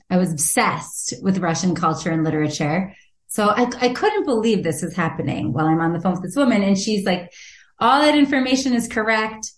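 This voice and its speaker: In a roomy-sounding space, a female author appearing as an interview guest recounts something from her own life. Her voice sits fairly low; she's lively, laughs a lot, and imitates the people whose words she repeats.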